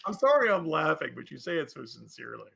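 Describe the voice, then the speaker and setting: Hesitant bright-voiced man running a game. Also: fairly high pitch, sing-song, quick pace, creaky, breathy edge. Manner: hesitant, many fillers, laughing often. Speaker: game master.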